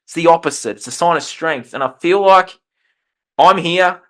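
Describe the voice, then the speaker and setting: A man's voice: a little high, normal speed, a bit bright. A man speaking as a podcast guest and life coach, talking with passion and often repeating or restarting phrases. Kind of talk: earnest conversational interview.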